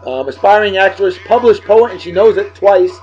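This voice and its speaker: A man hosting a casual show, giving boisterous, jokey shout-outs full of slang. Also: sits high, animated, normal speed. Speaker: host. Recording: dull lo-fi sound with faint music.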